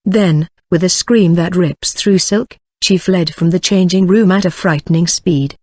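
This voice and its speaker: A text-to-speech voice narrating a light novel in first person, flatly reading punctuation marks aloud. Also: medium pitch, a little slow, no room sound. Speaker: audiobook narrator.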